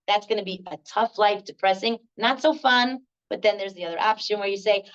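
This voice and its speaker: An older woman leading a laughter workshop, telling lively stories, laughing often and acting out the voices of the people in them. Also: medium pitch, normal speed, hardly any pauses, lo-fi sound. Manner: animated, laughs often, acts out quoted voices. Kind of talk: storytelling workshop talk.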